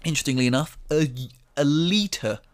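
A man's voice: a little high, moderate pace, clean tone. A man on a podcast telling a personal story in casual chat, laughing often and acting out what people said. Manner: animated storyteller, acts out quotes, laughs often, swears. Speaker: podcast co-host.

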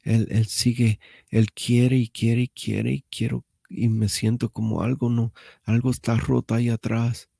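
A man's voice: mid-range voice, flat delivery, normal speed, creaky, mellow, dry recording, clean studio sound, pitched above the performer's own voice. A man voicing a distressed male prison inmate who pleads, mixing Spanish and English.

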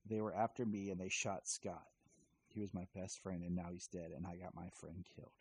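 A man's voice: low voice, steady tone, brisk, a little hiss or hum, natural voice. A man voicing an upset young boy hero in a loose, casual retelling.

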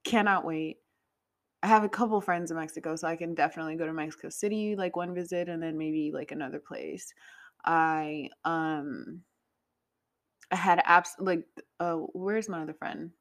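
Host, female, fairly low voice, loose rambling chat, swears a lot. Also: moderate pace. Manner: rambling, swears freely, laughs often. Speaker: podcast host. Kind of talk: casual chat.

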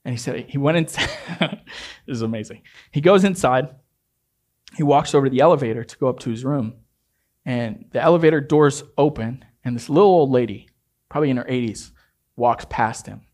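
A man preaching a sermon as a pastor, telling a story in a hushed, intimate way and rising to emphatic exhortation. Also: mid-range voice, normal speed.

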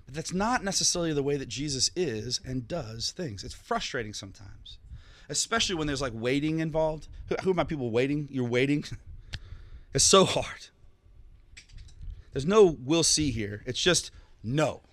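A man in his thirties preaching a sermon in a loose, conversational way, acting out little bits of dialogue with a grin in his voice. His tone is bright and forceful, and the recording is close and dry. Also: fairly high pitch, normal speed, dry recording. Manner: conversational, animated, acts out dialogue with jokes. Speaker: pastor.

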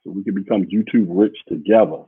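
A man's voice: low-pitched, fairly quick, breathy edge, dry recording. A man hosting a podcast as a casual livestream, reading out viewer comments in a rambling, blunt and profane way. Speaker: podcast host. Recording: muffled phone-like audio.

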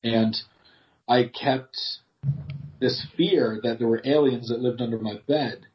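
A man's voice: medium pitch, fairly even intonation, slow, crowd noise. A man chatting casually as a podcast co-host, teasing his friend sarcastically and laughing often. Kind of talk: casual banter. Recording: slightly dull lo-fi audio.

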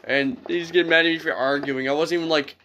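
A man's voice: a little high, steady tone, fast, heavy background noise. A young man in his late teens chatting casually with friends during a game, rambling with lots of fillers and swearing. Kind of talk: casual voice chat while gaming.

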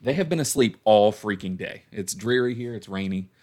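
A man with a fairly low voice hosting a casual podcast from home. He talks in a loose, joking way and laughs easily between his points. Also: lively intonation, moderate pace, darkish tone. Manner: chatty, laughs often, playful mock-apologetic asides. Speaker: podcast host. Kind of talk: casual chat.

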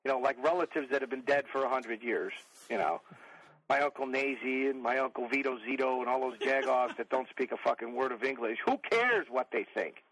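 A man's voice: medium pitch, fairly quick, fairly bright tone, husky, rough recording. A middle-aged man, telling profane, rambling comic stories in a casual chat as a podcast guest.

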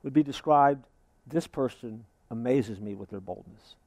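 A man preaching a sermon as pastor, lively, acting out what his listeners might say. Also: medium pitch, a little slow, dry recording. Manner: lively preaching, acts out imagined congregants.

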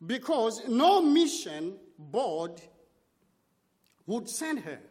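A man's voice: very high-pitched, big pitch swings, very slow, darkish tone, in a large hall. A man preaching a sermon, telling a story in short, dramatic phrases.

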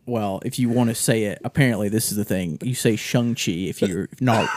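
A man's voice: lowish voice, a little fast, darkish tone. A man co-hosting a casual podcast, rambling and restarting his sentences and swearing freely. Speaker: podcast co-host. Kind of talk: casual chat.

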